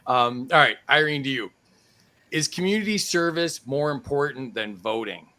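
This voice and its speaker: A man's voice: mid-range voice, expressive, moderate pace, sharp tone. A man hosting a casual live-streamed game show over a video call, laughing easily between questions.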